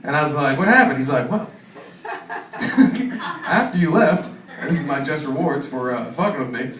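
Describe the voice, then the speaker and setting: High-voiced man doing stand-up comedy. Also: animated, normal speed, a crowd in the background. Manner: profane storytelling, acts out other people. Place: comedy club stage. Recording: echoey room, mic from far off. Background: audience laughter.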